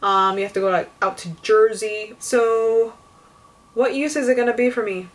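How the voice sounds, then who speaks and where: A woman's voice: fairly high pitch, fairly even intonation, normal speed, recorded from a distance. A young woman venting to camera in a casual rant, exasperated and swearing, with lots of "like". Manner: exasperated, profane, fillers of "like". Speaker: vlogger.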